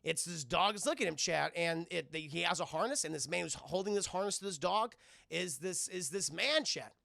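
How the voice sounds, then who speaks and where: Male streamer reviewing cartoons, rambling and profane, high gravelly voice. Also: expressive, fairly quick, bright, forceful tone, dry recording, clean studio sound. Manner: rambling, profane, keeps addressing chat. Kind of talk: casual live-stream recap.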